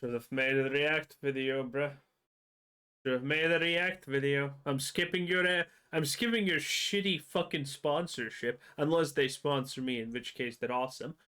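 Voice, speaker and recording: A man reacting to a video on stream, mocking and profane, his voice jumping up when excited. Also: mid-range voice, moderate pace, clean tone. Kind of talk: casual reaction commentary.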